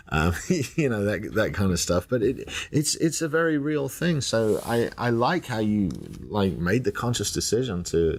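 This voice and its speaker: Low-voiced Northern English podcast host. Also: male voice. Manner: chatty, laughs easily. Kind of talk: casual conversation.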